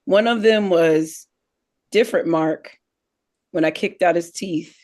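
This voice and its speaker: A woman co-hosts a relaxed family talk. She tells a story with plenty of life and slips into the voices of the people in it. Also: lowish voice, unhurried. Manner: animated storyteller, acts out childhood dialogue. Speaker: podcast co-host. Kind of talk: casual family chat.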